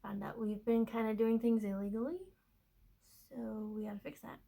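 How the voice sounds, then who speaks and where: A woman's voice: on the high side, flat delivery, normal speed, gravelly, dark tone, low-quality recording. A woman from Kentucky chatting casually on her knitting show, rambling with fillers and laughing as she talks. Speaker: knitting podcaster. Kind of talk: casual chat.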